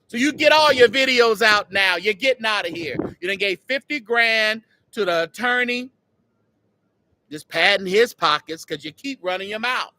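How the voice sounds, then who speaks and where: A man hosting a casual livestream outdoors, mocking and teasing someone in an animated way. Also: sits high, normal speed. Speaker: host.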